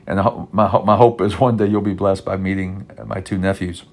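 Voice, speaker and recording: A male pastor with a fairly low voice delivers a podcast sermon. He speaks from the heart and rambles, restarting his sentences often. He sounds emotional, close to tears. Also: flat delivery, brisk, a little mellow.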